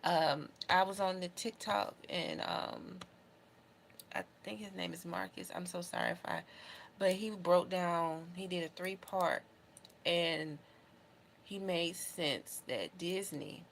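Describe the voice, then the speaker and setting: A woman's voice: fairly low pitch, steady tone, takes it slowly, creaky, a little hiss or hum. A young adult woman vlogging casually to camera, talking in an emotional, heartfelt, rambling way. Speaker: beauty vlogger.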